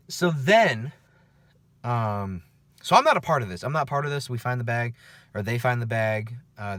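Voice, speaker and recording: A man's voice: fairly low pitch, fairly bright tone. A man working night-shift security, telling stories from his shift in a casual, profane vlog, often checking in with the listener. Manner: chatty, profane, keeps checking in with "okay?" and "right?". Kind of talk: casual after-work storytelling vlog.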